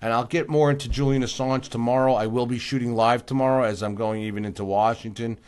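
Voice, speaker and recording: A man's voice: medium pitch, fairly even intonation, quick pace, a little mellow, clear, resonant tone. Male livestream host, worn out, keeps repeating his points, reads out viewer names, mid-range voice. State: tired, yawning. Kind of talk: casual livestream chat reading viewer comments.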